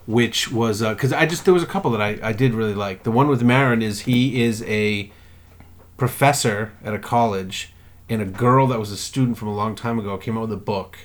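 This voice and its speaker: A man in casual chat, recounting stories with lots of swearing and quick bursts of acted-out voices. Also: on the low side. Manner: profane, animated storyteller who acts out characters.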